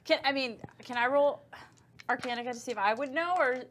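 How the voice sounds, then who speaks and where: Casting: woman with a bright, tense voice, impulsive player, faint hiss. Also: sits high, fairly quick. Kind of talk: tabletop role-play chat.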